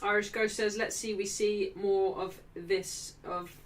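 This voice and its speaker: A young woman hosting a live football watchalong, excitably reacting to play and reading out viewers' chat messages. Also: medium pitch, measured pace, far from the mic.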